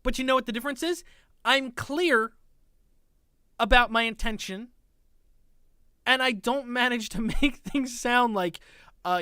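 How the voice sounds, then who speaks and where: A woman's voice: on the high side, measured pace, long pauses, bright, forceful tone, no room sound, studio quality. A woman streaming, reacting to a clip in a sarcastic, exasperated, mocking way. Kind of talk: casual reaction commentary.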